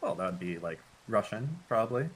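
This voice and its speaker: Bright-voiced rambling man on stream. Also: lowish voice, brisk, a little hiss or hum. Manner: rambling, laughing, defensive. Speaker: stream guest. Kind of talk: casual chat.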